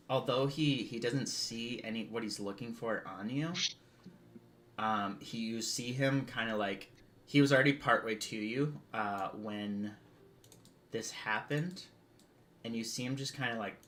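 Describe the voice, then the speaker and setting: A man running a tabletop game as dungeon master, narrating in a halting way with many fillers. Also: mid-range voice, a bit bright.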